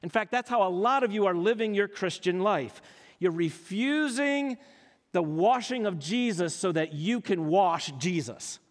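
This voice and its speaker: A man's voice: sits high, lively intonation, unhurried. A man preaching a sermon to a congregation, emphatic and full of rhetorical questions. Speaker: pastor. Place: church hall. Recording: long hall reverb.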